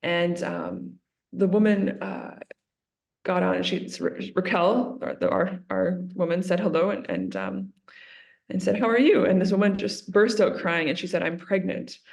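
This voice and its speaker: A woman, a religious sister, talking earnestly in an interview and retelling a story with lively quotes. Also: on the low side, measured pace, gravelly.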